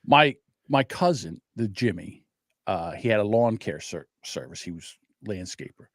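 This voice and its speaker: A man's voice: fairly low pitch, animated, measured pace, fairly bright tone, dry recording, clean studio sound. A man hosting a podcast, telling stories animatedly, acting out quotes and swearing freely. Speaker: podcast host. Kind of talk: casual chat.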